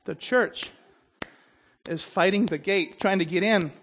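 A man with a high-pitched voice preaching a sermon. He trips over the starts of words and repeats them, and often checks in with his listeners. His delivery swings between loud, emphatic bursts and hushed, low asides. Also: measured pace, a little hiss or hum. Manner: stumbles and repeats opening sounds, checks in with "Okay?".

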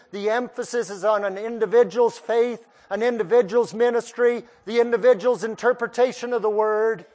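High-voiced man preaching a sermon. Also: a little mellow. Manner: questions the listeners directly, emphatic.

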